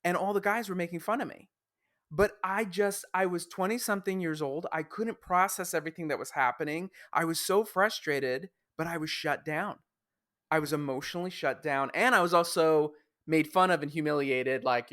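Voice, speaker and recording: A man hosting a podcast who tells personal stories in a lively way and acts out the voices he quotes. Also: a little high, normal speed. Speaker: podcast host. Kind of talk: conversational storytelling.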